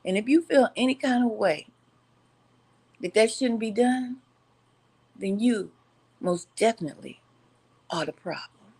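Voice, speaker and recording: A woman's voice: a little high, expressive, a little slow, long pauses, darkish tone, breathy edge. A woman hosting a casual vlog, talking straight to viewers, laughing often and slipping into a preacher-like cadence. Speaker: channel host.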